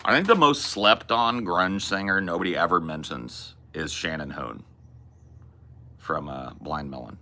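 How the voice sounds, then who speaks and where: Slow-talking laid-back man in his forties. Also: low voice, pushed and bright. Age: 40s. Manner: laid-back, rambling, swears casually. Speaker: podcast host. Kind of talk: casual chat.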